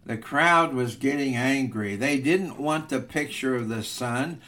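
Guy preaching a sermon, tells a story slow and earnest, middle pitch. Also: bright, forceful tone. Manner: measured, earnest narration.

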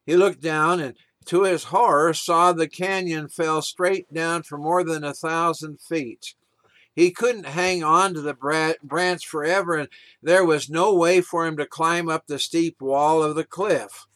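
Male preacher with a slightly high voice, earnest sermon delivery, close dry sound. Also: unhurried, no echo. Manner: earnest, steady storytelling.

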